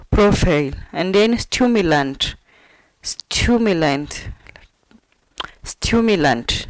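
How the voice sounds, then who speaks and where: Slow, patient woman teaching sign words. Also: fairly low pitch, no echo, low-quality recording. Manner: repeats each word several times, patient and deliberate. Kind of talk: slow instructional explanation.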